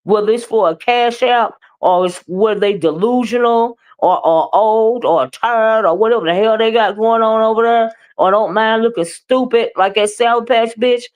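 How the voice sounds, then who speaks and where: A woman hosting a casual live-stream gossip show, talking in a sassy, emphatic, drawn-out way. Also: medium pitch. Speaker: live-stream commentary host.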